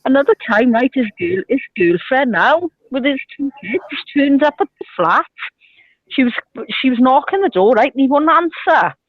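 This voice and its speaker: A woman's voice: sits high, animated, normal speed, no room sound, phone-quality sound. A middle-aged woman, chatting and telling gossipy stories over the phone from a beer garden. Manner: storytelling with loud bursts of laughter. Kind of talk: casual chat.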